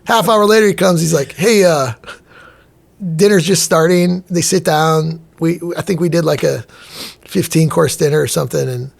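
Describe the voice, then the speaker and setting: A middle-aged man, a chef and restaurant owner, telling stories in a casual, lively way in a podcast interview and acting out what people said. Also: on the high side, fairly quick, vocal fry, husky. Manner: animated, acts out quoted dialogue, casual.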